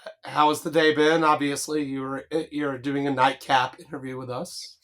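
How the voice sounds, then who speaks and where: A man's voice: mid-range voice, level tone, moderate pace, fairly bright tone. An American man from the East Coast co-hosting a podcast, easygoing and a bit hesitant. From United States. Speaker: podcast co-host. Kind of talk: casual interview chat.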